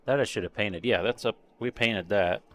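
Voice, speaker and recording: A man with a slightly low voice chats on a live stream as he paints and sorts a model kit. He mutters to himself, trails off mid-thought and chuckles at small mishaps, all in an unhurried casual way. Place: home workshop.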